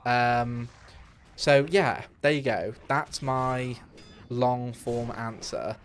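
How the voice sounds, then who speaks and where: In a casual live-stream chat, a young gaming streamer rambles candidly from his home setup, full of fillers and restarts. He speaks very slowly in a medium-pitched voice with fairly even intonation, and there's a slight hiss or hum.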